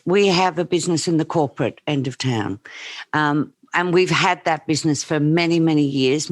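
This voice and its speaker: A woman's voice: low-pitched, dry recording. A middle-aged Australian woman, a business coach, telling her story in an earnest, passionate way over a remote call. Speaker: business coach, podcast guest. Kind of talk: casual interview.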